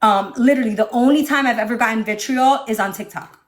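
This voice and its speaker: A woman from the northeastern United States ranting on a phone livestream from her home, loud, profane and confrontational. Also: a little high, quick pace. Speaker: livestream host. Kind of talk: heated livestream rant.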